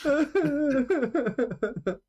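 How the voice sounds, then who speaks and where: Over an online voice chat mic, a man game-masters a tabletop game, narrating loosely and casually while laughing, swearing freely and saying "like" a lot. His voice is very high-pitched and expressive, with drawn-out words and a slightly mellow quality, on a muffled recording.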